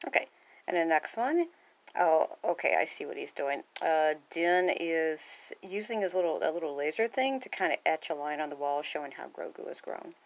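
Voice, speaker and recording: A deep-voiced woman reads a picture book aloud at moderate speed, chatting casually between pages. She frequently laughs and gasps, and her character lines are lively.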